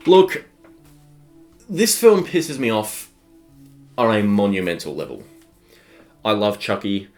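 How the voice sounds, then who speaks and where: A man's voice: fairly low pitch, a bit bright. A young man, ranting in an exasperated, profane film review. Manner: exasperated, profane, swears freely.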